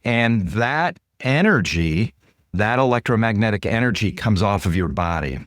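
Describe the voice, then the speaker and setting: A man, a guest author and consultant, explaining ideas in an interview with lively stories. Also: fairly low pitch, normal speed, no room sound, studio quality. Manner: animated, acts out dialogue in quoted voices. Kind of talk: storytelling interview answers.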